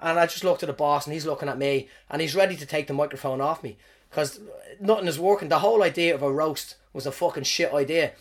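An Irish comedian hosting his podcast, telling stories about his gigs in an animated, swearing, self-mocking way. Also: fairly high pitch, quick pace. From Ireland. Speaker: stand-up comedian, podcast host. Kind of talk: casual storytelling monologue.

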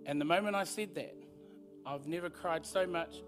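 A man giving an earnest, halting testimony at a church service. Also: fairly high pitch, over music. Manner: earnest, halting, repeats words as he speaks. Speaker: guest speaker sharing his testimony.

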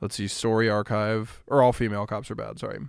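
A man's voice: lowish voice, level tone, brisk, clear, resonant tone, no room sound, clean studio sound. Blunt, mocking male podcast host. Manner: blunt, mocking, profane rant. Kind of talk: casual podcast monologue.

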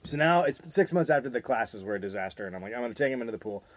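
A man with a mid-pitched voice tells a rambling comic story, acting out the other people in it in raised voices. His intonation swings widely, and the recording is dry and close. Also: lively intonation, rapid-fire, no echo. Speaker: podcast host. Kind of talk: comedic storytelling.

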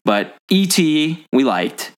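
A man's voice: a little high, very animated, slow pace. A man hosting a casual movie-discussion podcast, chatty and rambling with lots of fillers. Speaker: podcast host.

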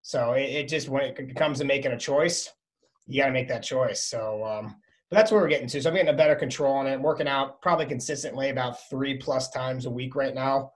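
A man in his thirties chatting as a podcast guest, telling animated stories and acting out his toddler. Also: mid-range voice, brisk. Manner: animated storytelling, acts out his son. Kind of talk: casual interview chat.

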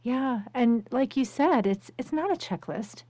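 A woman's voice: a little high, expressive, unhurried, dark tone, no room sound. Reflective woman host, dry sound. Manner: affirming, reflective. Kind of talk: faith-based conversation.

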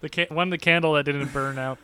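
A young man co-hosting a podcast, telling animated stories in casual chat and acting out quotes with sudden yelps. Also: a little high, a little fast, smooth. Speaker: podcast co-host.

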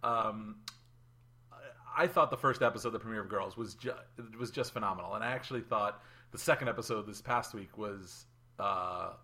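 A man co-hosting a casual podcast chat, brisk and steering the talk between topics. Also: on the low side, pushed and bright. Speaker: podcast co-host.

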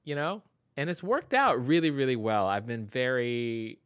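A man hosting a podcast in casual chat, expressive, swinging between bursts of laughter and soft asides. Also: medium pitch, normal speed, smooth, no echo, clean studio sound. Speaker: podcast host.

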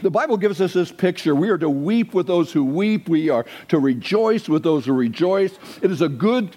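A man preaching a sermon as pastor, conversational and animated, asking his listeners questions and dropping to hushed asides. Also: on the high side, normal speed. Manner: animated, swings between loud and hushed; conversational, asks the congregation questions.

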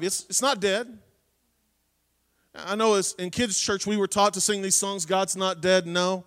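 A man preaching a sermon, emphatic, swinging between loud proclamations and quiet, intense stretches. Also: high-pitched, steady tone, measured pace, long reverb tail. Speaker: pastor.

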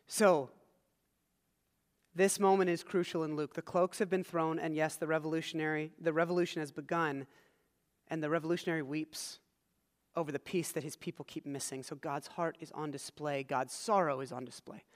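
A male pastor preaching a sermon, animated, moving between loud emphasis and soft low asides. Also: moderate pace, in a large hall.

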